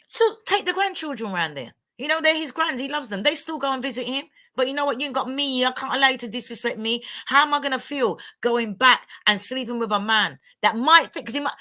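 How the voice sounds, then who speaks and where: A woman's voice: on the high side, pushed and bright. A woman, telling blunt, emphatic stories as a guest on a livestream panel. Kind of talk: candid livestream chat.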